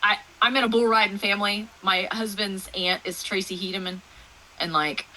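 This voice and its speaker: Bright-voiced Texan woman with faint hiss. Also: mid-range voice, moderate pace, low-quality recording. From Texas. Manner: rambling, animated storytelling with fillers. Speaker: guest author. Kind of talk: casual interview chat.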